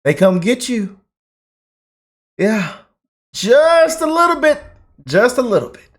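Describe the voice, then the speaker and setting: A man hosting a casual reaction commentary, talking in an animated, preachy way and repeating his phrases. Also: extremely high pitch, slow. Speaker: commentary video host.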